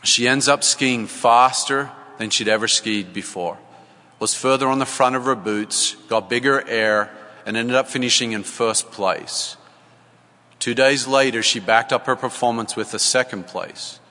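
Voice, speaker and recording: A man's voice: medium pitch, measured pace, bright, forceful tone, big-room sound. A man, a coach, giving an earnest church talk, telling a story and acting out the dialogue.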